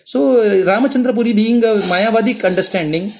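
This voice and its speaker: A man giving a devotional lecture on scripture in an animated way, often restarting his sentences. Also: high-pitched, quick pace. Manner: animated, acts out quoted voices, many restarts. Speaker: spiritual teacher.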